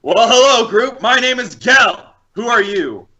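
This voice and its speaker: A man playing his character in a tabletop game, speaking loudly and formally. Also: very high-pitched, lively intonation, unhurried. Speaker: player. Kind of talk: in-character tabletop role-play. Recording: dull lo-fi mic.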